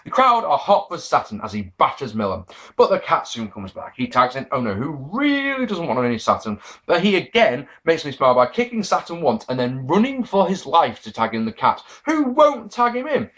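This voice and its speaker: A man's voice: fairly high pitch, fairly bright tone. A man reviewing an old wrestling show in a casual, sarcastic monologue, swearing freely and mocking what he watched. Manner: sarcastic, profane, mock-quoting people.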